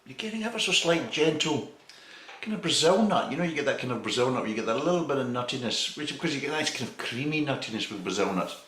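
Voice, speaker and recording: A man's voice: mid-range voice, expressive, fast talker, a bit bright. A man chatting through a casual beer tasting review, rambling and swearing freely. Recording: echoey room.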